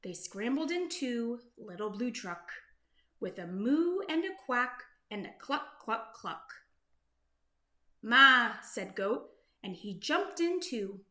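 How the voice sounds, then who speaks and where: A woman reading a children's picture book aloud in a gentle, sing-song storytelling manner. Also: on the high side, big pitch swings, takes it slowly. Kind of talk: read-aloud storybook narration. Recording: roomy echo.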